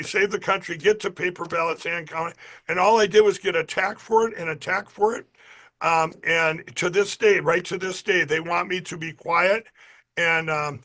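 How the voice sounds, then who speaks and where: High bright-voiced man telling stories. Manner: emphatic, repeats himself, acts out other people's lines. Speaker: interview guest. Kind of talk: animated storytelling.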